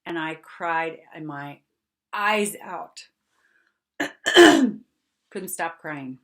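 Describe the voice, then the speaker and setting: A middle-aged woman hosting a podcast, telling a personal story in a lively, chatty way, laughing often and checking in with her listeners. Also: low voice, very slow. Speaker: podcast host.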